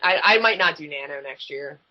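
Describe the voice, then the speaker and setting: A woman's voice: sits low, lively intonation, fairly quick, crowd noise. A woman, a guest author, chatting casually and animatedly on a podcast, swearing freely. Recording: slightly muffled recording.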